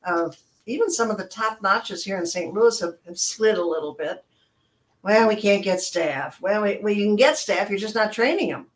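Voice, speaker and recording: A woman's voice: mid-range voice, animated, moderate pace. An older woman chatting and telling stories, acting out the quoted voices as a customer service trainer. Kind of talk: casual chat, storytelling.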